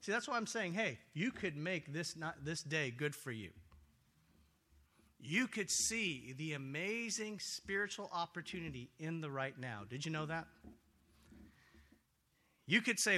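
A man preaching a sermon in a church, animated and conversational, swinging between loud excitement and quiet earnest talk. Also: fairly high pitch, normal speed. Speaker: pastor. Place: church sanctuary.

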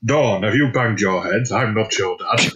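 A man's voice: lowish voice, normal speed, a bit bright, lightly acted, rough recording. A man voicing a stern, proud warrior captain in mock-serious tones.

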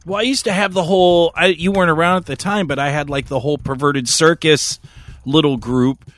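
Podcast host, man, frank and profane, slightly high-pitched, dry close sound. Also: fairly even intonation, a little fast, fairly bright tone, no echo, faint music behind. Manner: candid, profane, laughs often. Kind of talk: casual chat.

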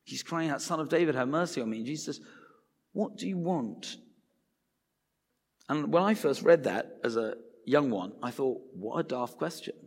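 A man's voice: mid-range voice, lively intonation, fairly quick, hardly any pauses. A man preaching a sermon in a conversational way, acting out the voices he quotes. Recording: reverberant hall.

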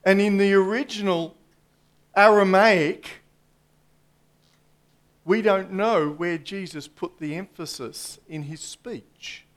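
A male preacher with a high voice delivers a sermon at an unhurried pace. He talks deliberately to his congregation and slips in dry asides. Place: church congregation.

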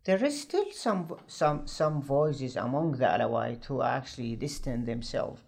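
A male political commentator in a news discussion, earnest and halting as he searches for words. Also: mid-range voice, lively intonation, vocal fry, a little mellow.

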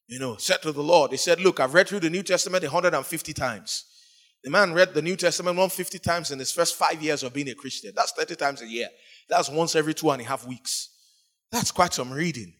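A man with a somewhat high voice preaches a sermon in a storytelling way. He voices the people in his story and breaks into sudden emphatic rises, then drops back to a quieter tone. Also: expressive, a little fast.

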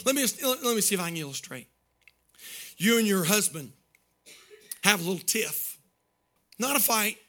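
A man preaching in a strikingly high, sharp and piercing voice. He rides a rhythmic, sing-song cadence that swells into shouts, then drops into chuckling, folksy asides to his congregation. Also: sing-song, normal speed, long pauses. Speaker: pastor. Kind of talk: sermon.

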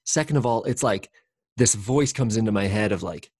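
A man's voice: lowish voice, expressive, normal speed, a little mellow, husky, dry recording, studio quality. A man in casual reflective conversation, talking candidly in a rambling way, with many fillers and restarts and casual swearing.

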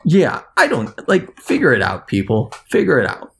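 A man with a gravelly edge in his voice, talking as a podcast's international correspondent. He rants in an animated, sarcastic way, and his pitch swings widely as he makes his points. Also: normal speed. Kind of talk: podcast chat.

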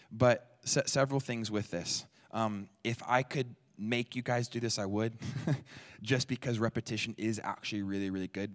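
A man preaching a sermon in a church, talking in a conversational, energetic way and acting out quoted people. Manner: conversational and energetic, jumps into playful high-pitched voices for quoted people. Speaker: pastor.

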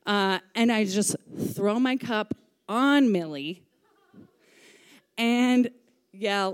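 Lady telling a funny story, smooth clear voice, swears a lot, does little voices. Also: medium pitch, animated, slow pace, darkish tone. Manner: chatty, swearing, acts out quoted voices. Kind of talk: comic personal story told live.

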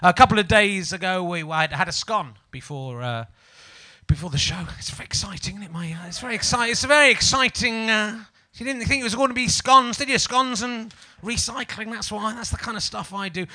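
This stand-up comedian and podcast host speaks with a Yorkshire accent in a high, sharp voice at a fairly quick clip. On his live comedy podcast he rambles, swears and teases the crowd.

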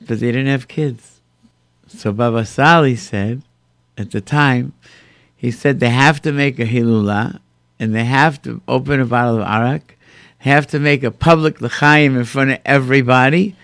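Animated storytelling man, dry sound. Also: mid-range voice, normal speed, dry recording. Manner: animated storyteller acting out quoted speech; sprinkles Hebrew and Yiddish terms. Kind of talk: casual storytelling in conversation.

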